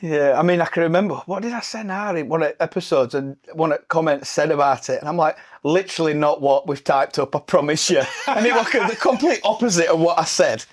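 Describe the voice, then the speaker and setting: A man's voice: fairly high pitch, animated, quick pace, hardly any pauses. A man from Barnsley with a broad Yorkshire accent, co-hosting a podcast, chatting casually, telling stories and laughing often. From Barnsley, England. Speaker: podcast co-host. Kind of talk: casual chat.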